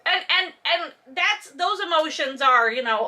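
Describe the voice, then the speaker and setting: A woman's voice: high voice, expressive, a little slow, pushed and bright. A woman reading a novel aloud as host and breaking off for snarky, exasperated commentary. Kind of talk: sarcastic read-along commentary.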